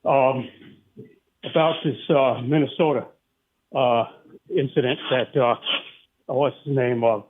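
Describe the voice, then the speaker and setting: A man's voice: medium pitch, steady tone. Breathless male caller on a tinny phone line. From Saratoga Springs, New York. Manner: agitated, rambling, halting with many fillers. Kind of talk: phone-in call to talk radio.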